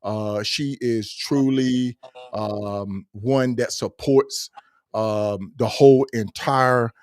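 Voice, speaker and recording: A man's voice: mid-range voice, steady tone, very slow, no room sound, studio quality. Enthusiastic man hosting a podcast. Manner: enthusiastic, repetitive, shouts out listeners. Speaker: podcast host. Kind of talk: casual podcast chat.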